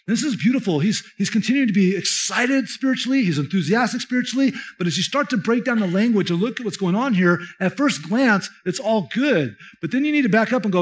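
A pastor preaches with a notably high voice for a man, talking through scripture in a conversational style. He stresses his key points with emphasis and addresses the congregation directly. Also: lively intonation, fairly quick. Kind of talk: sermon.

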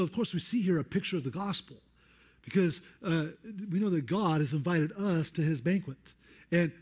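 A man preaching a sermon, conversational and animated, acting out the quotes of the people in his Bible passage. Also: high voice. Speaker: pastor.

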